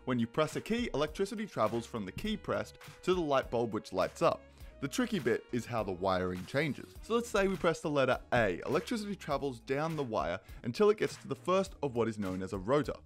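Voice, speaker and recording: A man's voice: mid-range voice, sing-song, fairly quick, faint music behind. A young man giving a comedic explainer, rambling and poking fun at himself. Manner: joking, rambling, self-deprecating asides. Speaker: YouTube creator explaining a project.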